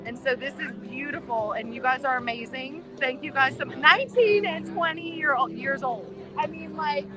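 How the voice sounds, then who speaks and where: A woman's voice: sits high, moderate pace, hardly any pauses, music in the background, poor audio. A woman, interviewing people live on the street in an effusive, emotional way. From Texas. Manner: effusive and emotional, gushing praise. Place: outdoors at a street march. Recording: loud crowd and street noise outdoors.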